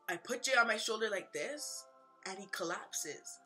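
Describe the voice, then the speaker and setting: A young woman recounts a personal story in a bright, forceful voice. She talks casually, full of slang and fillers, and swings between near-shouting and hushed moments. Soft music plays faintly underneath. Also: medium pitch, moderate pace, breathy edge. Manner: animated, slangy, lots of "like", swings loud and quiet. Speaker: vlogger, mother. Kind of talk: emotional storytime retelling.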